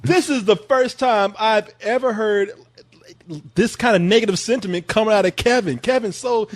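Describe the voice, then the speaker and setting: A man hosting a casual podcast, animated and ribbing the others, swearing freely. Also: high voice, normal speed. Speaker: podcast host.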